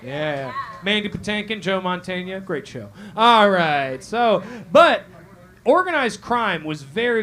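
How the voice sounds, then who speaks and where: Loud, animated comedy host. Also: male voice, high voice. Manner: loud, animated, swearing, asking "all right?" again and again. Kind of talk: comedic true-crime storytelling to a live crowd. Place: café stage before a live audience.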